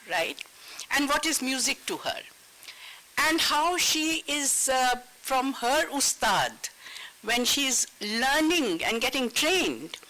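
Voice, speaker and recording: A woman's voice: high voice, bright, forceful tone, rough recording. A woman interviewer at a festival panel, asking thoughtful, probing questions.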